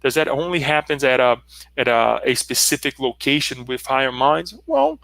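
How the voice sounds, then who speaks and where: A man's voice: medium pitch, animated, moderate pace, vocal fry, fairly bright tone, dry recording. A man leading a spiritual book study, reflecting aloud and asking rhetorical questions. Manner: reflective, asks rhetorical questions, often adds "right?". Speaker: study group leader.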